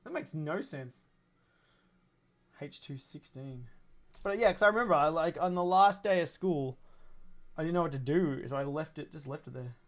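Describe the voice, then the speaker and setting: A man's voice: on the high side, expressive, normal speed, pauses often. A man in his thirties chatting casually to his stream while building a toy kit, rambling, swearing and laughing often. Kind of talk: casual livestream chat.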